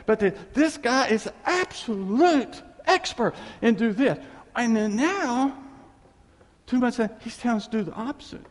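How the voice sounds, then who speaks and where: A man preaching a folksy, animated sermon with laughing asides, recorded in a church hall. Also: very high-pitched, a little slow. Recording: echoey hall with long reverb.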